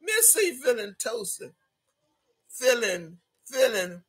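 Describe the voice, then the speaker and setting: A man hosting a casual live stream, reading viewer comments aloud with loud, laughing, sassy banter. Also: high-pitched, expressive, a little slow, vocal fry, husky.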